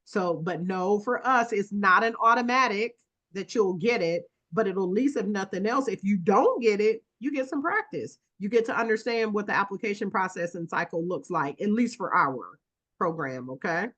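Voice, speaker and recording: A woman hosting an online applicant support call, talking in a lively, folksy way that urges listeners on. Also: mid-range voice, moderate pace. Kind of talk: casual encouraging video call. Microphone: video call.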